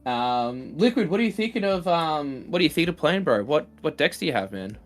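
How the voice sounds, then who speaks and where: A man co-hosting a card game livestream, relaxed and rambling, often dropping into quieter asides while greeting viewers. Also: on the high side, brisk, faint music behind. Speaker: co-host and commentator. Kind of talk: casual livestream commentary.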